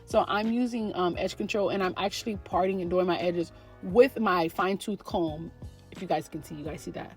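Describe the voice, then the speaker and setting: A woman's voice: fairly low pitch, moderate pace, darkish tone, faint music behind. A woman giving a chatty, sassy hair tutorial straight to her viewers. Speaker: beauty vlogger teaching a wig install. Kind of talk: casual tutorial voice-over.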